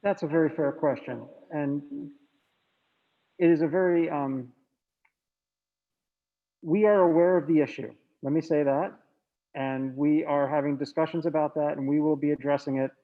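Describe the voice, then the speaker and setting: Board chair, man, slightly high voice, businesslike, muffled call audio. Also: fairly even intonation, moderate pace, long pauses. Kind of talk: chairing an online meeting.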